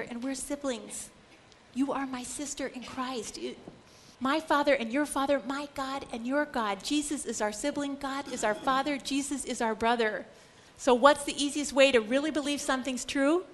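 Animated woman teaching a faith lecture. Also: high voice, a little hiss or hum. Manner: animated, repeats phrases for emphasis, acts out quoted voices. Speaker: Catholic lecturer. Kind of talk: teaching lecture to a live group.

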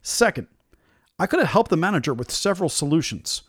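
A middle-aged man hosting his own podcast, telling a store complaint story in an animated, frustrated way and acting out the other people's lines. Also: fairly high pitch, fairly quick, slightly rough, no room sound, studio quality. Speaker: podcast host. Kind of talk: solo storytelling commentary.

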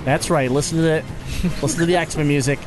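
A man co-hosting a casual podcast chat, teasing a friend with lively, exaggerated storytelling. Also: fairly quick, music in the background. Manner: animated teasing, bursts into high squeaky impressions. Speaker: podcast co-host.

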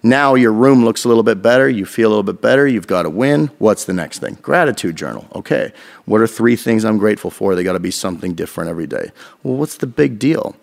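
A man from Canada, a guest on a podcast, talking in a casual, energetic way and swearing freely as he tells stories. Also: on the low side, fast talker, gravelly. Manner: energetic, profane, storytelling. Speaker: podcast guest, fitness coach.

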